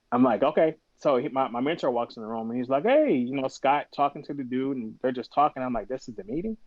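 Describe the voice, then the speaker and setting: A man's voice: mid-range voice, no echo, highs cut off. A man guest on a podcast, telling stories in a casual way, acting out the voices of the people in them and swearing freely. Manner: animated storyteller acting out quoted dialogue, swears freely. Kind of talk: casual storytelling interview.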